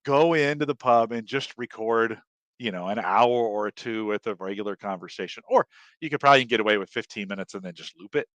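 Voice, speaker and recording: A man's voice: fairly low pitch, fairly quick, fairly bright tone, no room sound. Easygoing male podcast co-host. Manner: easygoing, often laughing, reads listener comments aloud. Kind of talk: casual chat.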